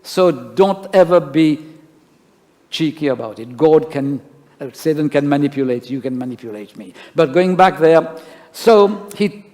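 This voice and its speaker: Man, pastor, storytelling sermon, rhetorical questions, fairly high voice, long church reverb. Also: lively intonation, a little slow, darkish tone.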